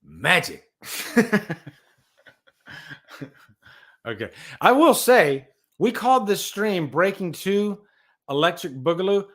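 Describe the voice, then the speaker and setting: Guy hosting a live stream, chatty and excitable, voice jumps all over. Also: high-pitched, measured pace. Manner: enthusiastic, rambling, talks to chat viewers. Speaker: livestream host. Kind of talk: casual live-stream chat about movies.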